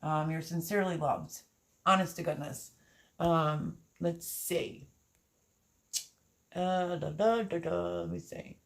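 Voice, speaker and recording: Gravelly-voiced woman chatting on a live stream. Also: lowish voice, steady tone, slow pace, pauses often. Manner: chatty, reads viewer comments aloud. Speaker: gardening channel host.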